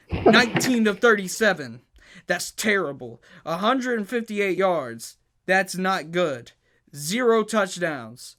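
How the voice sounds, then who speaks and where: A man's voice: sits high, pushed and bright. A man co-hosting a casual sports podcast, heated and emphatic, often stuttering and restarting his sentences.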